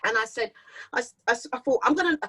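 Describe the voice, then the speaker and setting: A middle-aged woman with a London accent, talking as a guest in a relaxed interview. Her voice sits high and sounds bright and forceful. She tells her stories with lots of life and slips into other people's voices as she goes. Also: fast, husky, rough recording. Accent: London English. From London, England. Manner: animated storyteller who acts out quoted voices. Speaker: singer and guest. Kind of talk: casual interview chat.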